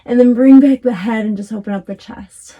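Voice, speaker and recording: A woman instructor gently guiding a stretching class, talking close to the camera from a small closet. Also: a little high, a little fast, lo-fi sound. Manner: calm, encouraging cues with fillers. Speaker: fitness instructor.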